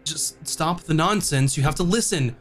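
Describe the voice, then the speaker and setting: A man's voice: fairly high pitch, normal speed, natural voice. Give me a man playing an anxious, insistent half-elf woman barrister. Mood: pleading. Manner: insistent, pleading.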